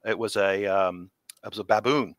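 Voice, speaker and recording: Bright-voiced man telling stories. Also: lowish voice, moderate pace, no room sound. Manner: animated anecdotes, laughs often, acts out quotes. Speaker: special effects artist guest. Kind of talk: casual interview storytelling.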